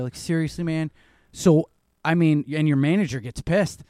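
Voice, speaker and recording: A man's voice: a little high, moderate pace, dark tone, no room sound, studio quality. A man telling loose, rambling stories in casual chat, swearing now and then.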